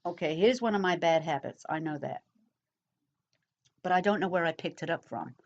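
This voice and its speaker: Woman, middle-aged, casual vlog chat, slow and rambling, lots of fillers, fairly low voice, muffled lo-fi sound. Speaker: YouTuber answering comments.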